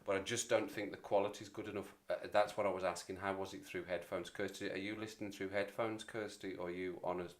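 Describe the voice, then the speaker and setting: A man's voice: low-pitched, level tone, fast talker, hardly any pauses. A man in his forties hosting a casual livestream chat, rambling and self-deprecating as he talks to viewers. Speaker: livestream host.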